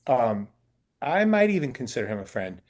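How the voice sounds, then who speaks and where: A man's voice: medium pitch, sing-song, moderate pace, a little mellow. A man who works as a talent agent answers interview questions in a casual way, telling long anecdotes, acting out the people he quotes and using many fillers and restarts. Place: indoor sit-down interview.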